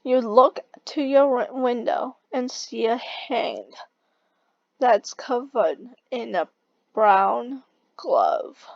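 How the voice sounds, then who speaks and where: A woman reading a second-person fan story aloud in a halting way, stumbling and restarting words. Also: on the high side, animated, creaky, dry recording, dull audio. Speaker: story reader.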